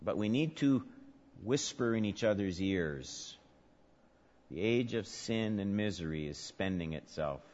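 A male pastor preaching a sermon, swinging from soft, low murmurs to loud, emphatic peaks. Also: expressive, a little slow. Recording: dull sound with long hall reverb.

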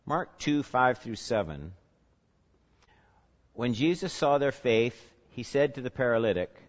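Man preaching, chatty teaching sermon, loud then hushed, long church hall reverb. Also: mid-range voice, expressive, a little slow. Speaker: pastor. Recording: reverberant hall, dull lo-fi sound.

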